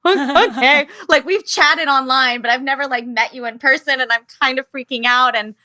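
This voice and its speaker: A woman's voice: high voice, brisk, dry recording. A young woman, a musical theater actress, telling stories in a casual interview and acting out the voices she quotes, with many "like" fillers. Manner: animated storyteller who acts out quoted voices, many "like" fillers.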